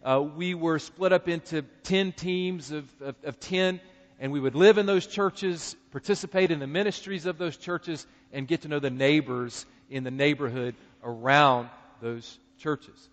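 A middle-aged man from North Carolina with a Southern accent, preaching a sermon with animated, emphatic delivery and touches of humor. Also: a little high, a little slow. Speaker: pastor. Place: church sanctuary. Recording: dull audio with long hall reverb.

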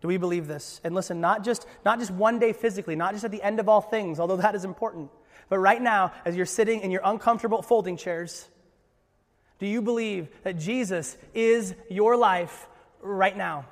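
Man preaching in a church hall, high-pitched, earnest, swings loud to soft, echo of a big room. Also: normal speed. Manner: earnest, jokey asides, swings from loud to hushed. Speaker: pastor. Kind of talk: sermon.

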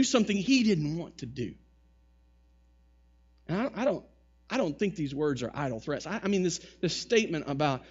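A man preaching a conversational sermon, with wry asides and lively retellings of the text. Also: on the high side, normal speed, slightly rough, highs cut off. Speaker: pastor.

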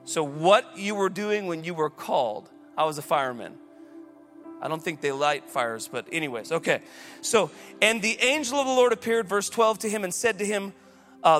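A man preaching a sermon in a high, ringing voice. He preaches with energy and climbs to loud, emphatic peaks. Quiet music plays faintly underneath him. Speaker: pastor.

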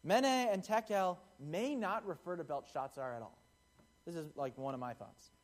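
A man's voice: high voice, moderate pace. Conversational young man preaching a sermon. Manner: conversational, acts out quotes in the parable. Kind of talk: casual sermon.

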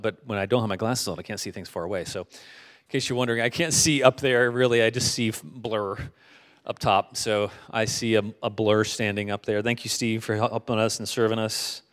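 A man's voice: fairly low pitch, steady tone, brisk, fairly bright tone. A man preaching a sermon as pastor, earnest and conversational, often restarting his sentences. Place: church sanctuary. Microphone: microphone, switched to a handheld. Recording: long reverb of a large church hall.

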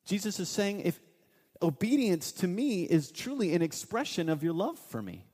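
A man in his thirties preaching a sermon as a pastor, earnest and quick to act out the voices of people in his stories. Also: sits high, sing-song, darkish tone. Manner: earnest, acts out quoted voices in his storytelling. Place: church sanctuary. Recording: long hall reverb.

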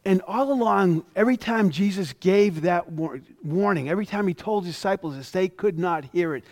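Reading from scripture in his sermon, a pastor with a high, darkish voice speaks at normal speed. The quoted words get emphatic rises as he stresses them.

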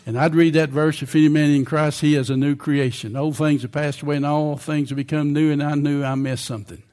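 A man's voice: a little high, level tone, brisk, darkish tone. An older man preaching a sermon in a conversational way, often asking the congregation questions.

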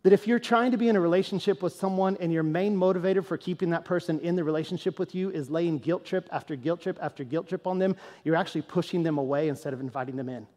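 A man with a notably high-pitched voice preaches a storytelling sermon, chatty and animated at times and earnest at others. His voice rings out with a long reverb, as if filling a large church hall. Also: quick pace, few pauses. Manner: conversational, animated storytelling that turns to earnest, quieter teaching. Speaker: pastor.

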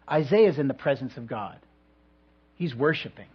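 A male pastor delivering a sermon in a measured way, with reflective pauses and touches of light humor. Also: a little high, breathy edge. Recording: dull lo-fi recording.

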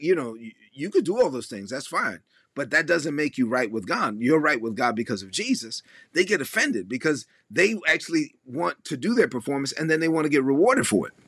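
A man preaching a sermon in a lively, conversational way, acting out the voices of the people he quotes. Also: on the high side, husky, no echo, studio quality. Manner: animated, acts out quoted voices. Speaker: pastor.

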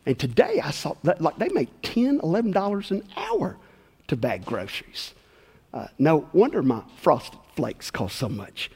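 A man's voice: on the high side, moderate pace, breathy edge. A middle-aged man preaching a sermon, telling folksy personal stories and acting out the dialogue. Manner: animated, folksy storytelling with acted-out dialogue. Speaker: pastor. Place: church sanctuary. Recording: long hall reverb.

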